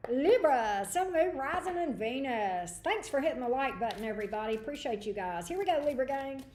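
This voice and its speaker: Woman, tarot reader, livestream reading, chatty, greets viewers, higher voice, echoey room. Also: expressive, a little fast, darkish tone, a little hiss or hum.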